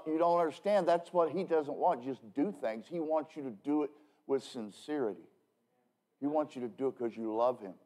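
A man's voice: mid-range voice, mellow. A man who is a pastor, preaching a casual evening sermon in a joking, rambling way, with emphatic bursts and frequent restarts. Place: church.

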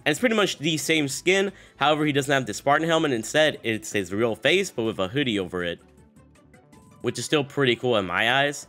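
A man's voice: mid-range voice, lively intonation, brisk, fairly bright tone, faint music behind. A young man with a sick voice, giving casual, upbeat gaming commentary as a channel host, rambling with fillers. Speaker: gaming YouTuber.

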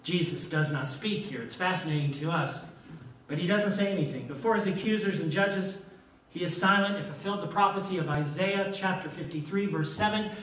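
A man's voice: high voice, fairly quick, a bit bright, slight background noise. An older man preaching a sermon as pastor, emphatic and repeating his key lines. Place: church sanctuary. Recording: echoey church from a distance.

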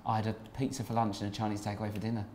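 A man's voice: on the low side, level tone, rapid-fire, a little mellow. A man, a comedian hosting his own channel, chatting and teasing his guest while playing a video game and laughing often. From South East London.

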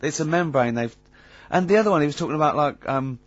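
A man's voice: fairly high pitch, animated, fast, dry recording. An English man hosting a radio show, telling stories with chatty fillers and frequent laughter. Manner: chatty storyteller, laughs often, hesitant fillers. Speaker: radio host. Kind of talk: casual radio banter. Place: radio studio. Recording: slightly dull radio broadcast.

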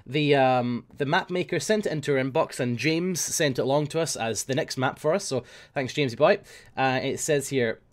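A man hosting a gaming video, talking in a rambling, jokey way. His voice sits at a middle pitch and has an easy, everyday sound. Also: normal speed. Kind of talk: casual gaming chat.

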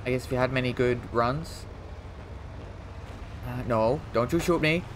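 A man's voice: mid-range voice, unhurried, slight background noise. A man casually talking through a video game as he plays, rambling and mocking himself, now and then yelping at what happens on screen. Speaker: gaming streamer. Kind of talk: casual gameplay commentary.

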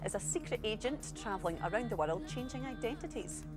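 A woman presenting an entertainment news show, bright and playful. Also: on the high side, expressive, brisk. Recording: music underneath.

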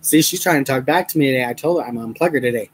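A man's voice: mid-range voice, very fast, a little hiss or hum, poor audio. A young man chatting to his viewers while crafting, rambling with many fillers and frequent laughs, mentioning a headache. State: has a headache. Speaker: crafting vlogger.

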